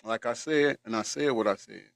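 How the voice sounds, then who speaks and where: A man's voice: mid-range voice, a little fast, vocal fry, no room sound. A man chatting casually on a live stream, emphatic and repetitive, thanking viewers as he goes. His voice sits close and dry to the mic. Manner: emphatic, repeats himself, colloquial. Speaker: stream co-host thanking chat.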